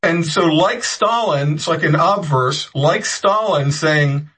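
Husky man in heated political commentary. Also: a little high, slow, sharp tone, poor audio. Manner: rambling, frequent restarts, sarcastic jabs.

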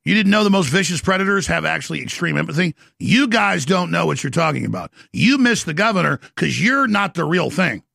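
A middle-aged man with a very gravelly, strained voice that sits high. He rants intensely on his talk show, boastful and combative. The sound is bone-dry and close. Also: lively intonation, a little fast, few pauses, bright, forceful tone, no room sound. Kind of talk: ranting monologue.

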